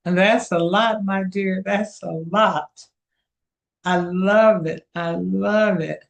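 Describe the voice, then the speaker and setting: An older speaker answering in a group session. The talk is affirming and halting. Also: medium pitch, fairly even intonation, vocal fry. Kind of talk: supportive response. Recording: dull recording.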